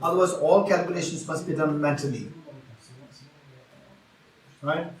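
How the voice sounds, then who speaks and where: A man with a fairly high voice speaks at a measured pace during an interactive Buddhist teaching, posing questions to the audience and repeating key phrases. The recording captures a roomy retreat hall from a distance.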